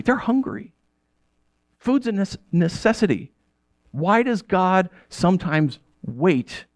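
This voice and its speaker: A man's voice: high-pitched, dry recording. A man in his thirties preaching a conversational sermon, telling stories and asking rhetorical questions. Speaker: pastor.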